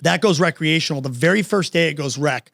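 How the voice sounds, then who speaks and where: A man's voice: a little high, brisk, gravelly, fairly bright tone, no echo. A man telling a story as a podcast guest, casual and slangy, acting out both sides of conversations.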